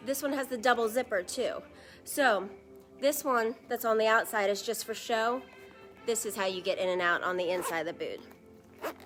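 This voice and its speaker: A woman hosting a live shoe showcase, chatty and upbeat, talking straight to viewers. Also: on the high side. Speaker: shoe store host.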